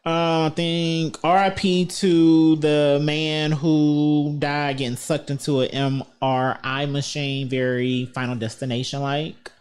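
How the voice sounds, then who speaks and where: A woman hosting a casual podcast chat, telling stories in an animated, slangy way. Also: low voice, takes it slowly, hardly any pauses, a little hiss or hum. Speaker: podcast host.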